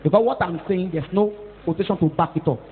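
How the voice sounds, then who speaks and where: A Nigerian-accented woman pastor preaching a scolding, animated sermon, mixing in Pidgin and Yoruba and rising to shouts at times. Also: on the low side, fast. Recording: tinny phone-like echoey hall.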